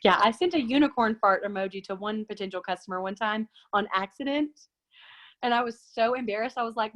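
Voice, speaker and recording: Chatty woman, higher voice. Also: brisk, a bit bright. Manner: chatty, acts out quoted lines with big pitch jumps. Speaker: host. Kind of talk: casual chat on a video call.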